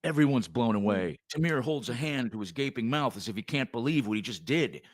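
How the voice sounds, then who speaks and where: Lively man reading stage directions. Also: medium pitch, brisk. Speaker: podcast host.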